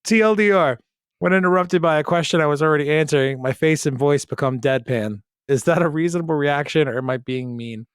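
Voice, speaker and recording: A man's voice: a little high, brisk, smooth, no echo. A man hosting a podcast in casual comedic chat, reading a post aloud with sarcastic, profane asides. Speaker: podcast host.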